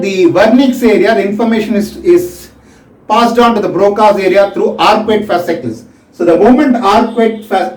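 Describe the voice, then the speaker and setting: A man giving a slow, explanatory medical lecture. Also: high-pitched, a little mellow. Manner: slow, explanatory, acts out examples. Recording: echoey room, voice from a distance.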